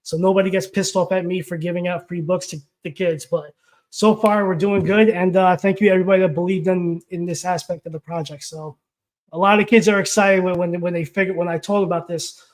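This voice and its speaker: A high-pitched man co-hosts a casual live stream. He talks in an eager, rambling way, packed with fillers and restarts. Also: fairly quick. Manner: excited, rambling, lots of fillers. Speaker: co-host. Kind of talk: casual chat.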